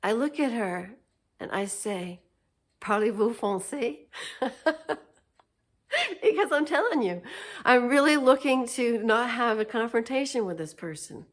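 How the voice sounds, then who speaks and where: Unhurried, chatty woman vlogger. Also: a little high, expressive. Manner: chatty, laughs often, meandering with fillers. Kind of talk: unscripted casual storytelling vlog.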